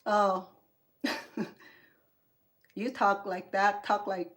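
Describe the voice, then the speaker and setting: A woman's voice: medium pitch, steady tone, slow, long pauses. A woman from Cambodia, an English learner, hosting a cooking livestream and angrily scolding a rude viewer with heated sarcasm. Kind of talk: angry livestream rant at a viewer.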